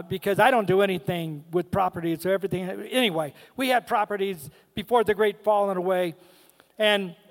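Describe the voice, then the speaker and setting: Emphatic high-voiced man preaching in a hall. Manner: humorous, emphatic, calls out to the congregation. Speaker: guest preacher. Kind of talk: sermon. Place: church sanctuary.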